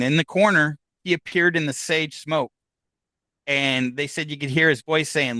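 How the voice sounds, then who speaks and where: Here a man with a fairly high, steady voice that sounds pushed and bright is captured in a low-quality recording with no room sound. The Upstate New York native, a podcast guest, rambles through a long anecdote, restarting often, filling pauses, and impersonating the people involved.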